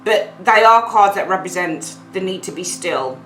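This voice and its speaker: A woman giving a casual weekly tarot reading to camera, chatty and expressive, swearing now and then and acting out the figures on the cards. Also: mid-range voice, normal speed, echoey room, soft background music, low-quality recording. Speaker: tarot reader.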